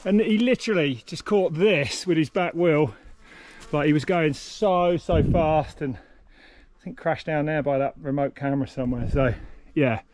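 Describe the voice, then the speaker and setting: A man hosting a casual walkthrough of a race course, excitable and blunt, swearing and exclaiming as he goes. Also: fairly high pitch, unhurried, no echo. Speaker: host walking a race course. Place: outdoors on a mountain bike course.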